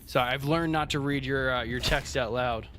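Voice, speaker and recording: A man's voice: medium pitch, steady tone, normal speed, background noise. A young adult man from Southern California chatting casually with viewers while playing a game, rambling with lots of fillers and restarts. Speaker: streamer. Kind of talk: casual gameplay chat with live viewers.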